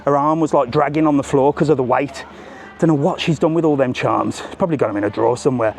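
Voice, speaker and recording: Speaking fast in a mid-range voice with vocal fry, a middle-aged man hosts a live vlog while walking along the seafront. This travel vlogger keeps up a cheeky, chatty patter and teases strangers he meets.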